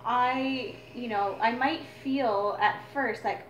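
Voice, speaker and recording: A woman's voice: a little high, slow pace, a little hiss or hum. A woman teaching a drumming exercise as a mother, explaining in an earnest, reflective way. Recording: echoey room with drums.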